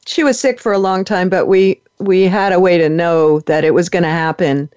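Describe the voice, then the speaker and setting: A man hosting a casual interview, talking hesitantly with many pauses and soft laughs. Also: high voice, steady tone, clear, resonant tone, no room sound. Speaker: podcast host. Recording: dull lo-fi, dry audio.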